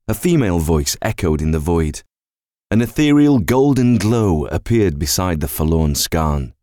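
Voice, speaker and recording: A man with a very low voice reads a fantasy audiobook in a measured, deliberate way. The recording is dry and close, with no room sound. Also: mellow, no echo. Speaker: audiobook reader. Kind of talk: scripted fantasy narration.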